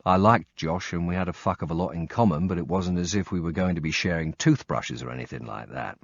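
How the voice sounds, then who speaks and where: A man's voice: deep voice, fairly quick, gravelly, dry recording. A man reading a first-person audiobook with dry, wry storytelling and blunt swearing, on slightly muffled audio. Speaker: audiobook narrator.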